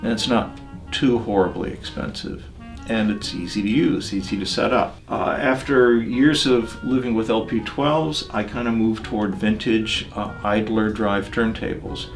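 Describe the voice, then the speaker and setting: An older man talking about records and turntables in a relaxed, digressive interview, with many pauses and fillers. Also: on the low side, faint music behind. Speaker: audio magazine editor.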